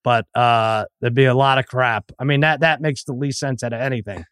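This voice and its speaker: A man's voice: medium pitch, fairly even intonation, a little fast, a bit bright, smooth, no echo, clean studio sound. A middle-aged man co-hosting a podcast, telling a rambling story in casual chat and acting out the quotes. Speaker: podcast co-host.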